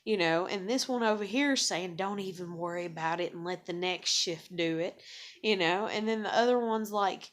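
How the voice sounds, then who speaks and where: A woman's voice: medium pitch, moderate pace. A young adult woman venting in a rambling, profane monologue, full of "like" and "you know", sarcastic and self-mocking. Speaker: vlogger.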